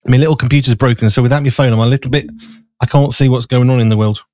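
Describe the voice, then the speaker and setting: This is a very fast-talking show host with a medium-pitched, fairly even voice and a dark tone, recorded dry. He hosts a live chat show in a small studio, rambling with fillers while eating and slightly out of breath.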